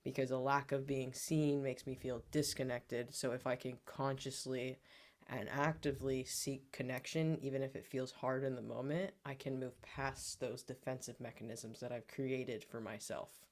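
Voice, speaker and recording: Man, mid-pitched voice, earnest, self-reflective, podcast storytelling. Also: level tone, moderate pace. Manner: earnest, self-reflective, therapy-style language. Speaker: podcast co-host.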